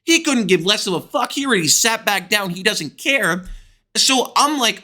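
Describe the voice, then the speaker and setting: A young man from the United States telling a crude, excitable storytime with plenty of swearing. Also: sits high, normal speed. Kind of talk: animated storytime vlog.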